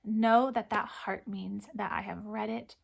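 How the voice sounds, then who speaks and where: A woman hosting her cross stitch channel, talking softly and from the heart, close to tears and often dropping to a near whisper. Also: mid-range voice, fairly even intonation, a little slow, vocal fry. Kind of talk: casual chat to camera.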